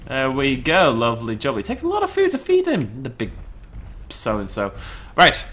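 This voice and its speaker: A British man giving excited, chatty commentary on a dinosaur survival game, breaking into laughs and shouts. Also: medium pitch, moderate pace. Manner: animated, shouts and laughs in bursts. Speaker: gameplay commentator. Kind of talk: excited let's-play commentary.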